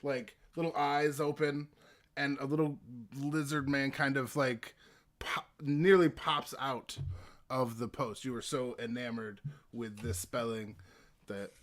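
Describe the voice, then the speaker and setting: A man narrating as game master of a tabletop game, halting and full of fillers and restarts. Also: mid-range voice, steady tone, fairly bright tone.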